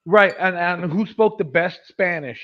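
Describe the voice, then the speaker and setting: High, lively man on a dull lo-fi line. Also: a little slow. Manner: wry storyteller, chiming in dryly. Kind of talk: casual chat. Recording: dull lo-fi audio.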